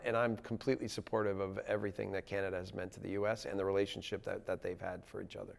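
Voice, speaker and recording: An earnest man from the United States speaks as a soccer coach in a news interview, with a gravelly edge to his voice. He talks haltingly and often restarts his sentences. A long reverb trails his words as if he were in a large hall. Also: sits low, level tone. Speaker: national soccer team coach.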